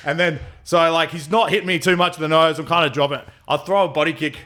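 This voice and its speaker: A man's voice: fairly high pitch, steady tone, fast, sharp tone. A young adult man with a nasal voice, a fighter telling stories in a profane, rambling way in a casual podcast chat. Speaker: MMA fighter and guest.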